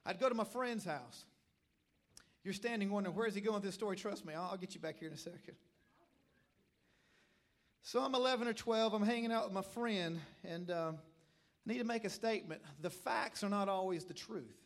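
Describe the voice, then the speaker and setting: A middle-aged preacher from Middle Tennessee, with the accent to match, delivers a revival sermon at a church service. He tells stories emphatically and builds to shouted calls, his high voice moving fairly quickly with frequent pauses.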